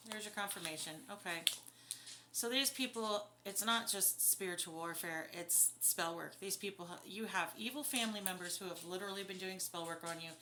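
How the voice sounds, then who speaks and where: A woman's voice: medium pitch, bright, forceful tone, slight background noise. Blunt, swearing woman doing a card reading. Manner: blunt, swears freely, quickly indignant. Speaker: tarot and spirit box reader. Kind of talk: casual spiritual reading to camera. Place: home at night.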